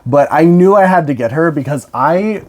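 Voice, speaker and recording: A tired young woman and doll collector, chatting casually in an unboxing vlog. She is excitable and emotional, swears freely, and laughs often. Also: deep voice, normal speed.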